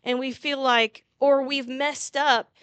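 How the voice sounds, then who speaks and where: High, bright-voiced woman preaching casually. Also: level tone, slow pace, smooth, no echo. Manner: earnest storytelling with many restarts. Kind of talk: casual sermon.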